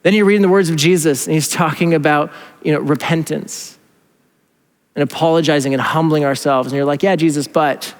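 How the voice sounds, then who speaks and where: A man's voice: fairly high pitch, steady tone, brisk. Conversational male pastor in reverberant hall. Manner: conversational, acts out quoted inner voices. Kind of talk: sermon. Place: church.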